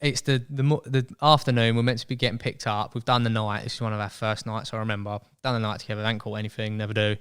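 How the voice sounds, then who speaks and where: A young man telling a story as a podcast guest in casual chat, animated and acting out voices. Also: fairly low pitch, fast talker, few pauses, clear, resonant tone. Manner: chatty, animated, acts out quoted voices.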